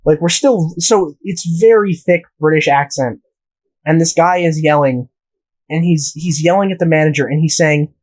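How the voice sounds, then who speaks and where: A man's voice: fairly high pitch, normal speed, a little mellow, low-quality recording. A young man from the United States telling a rambling, profane story in casual podcast chat. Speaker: podcast host.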